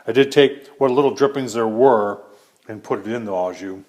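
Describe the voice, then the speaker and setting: A man's voice: fairly low pitch, moderate pace, a little mellow. Folksy middle-aged man cooking. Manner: folksy, chatty, addresses viewers as folks. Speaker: cooking channel host. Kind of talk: casual cooking demo to camera.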